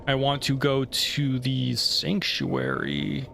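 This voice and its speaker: A man's voice: medium pitch, very animated, slow, vocal fry, background noise. A man giving casual let's play commentary, thinking aloud and cursing when the game goes badly.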